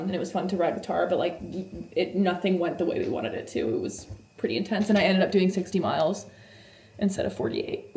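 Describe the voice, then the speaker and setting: A woman talks straight to her viewers in a relaxed vlog, upbeat and chatty. She rambles through her story with plenty of fillers, her pitch sitting in an ordinary middle range with faint noise underneath. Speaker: vlogger training for triathlon. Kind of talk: casual vlog chat to camera.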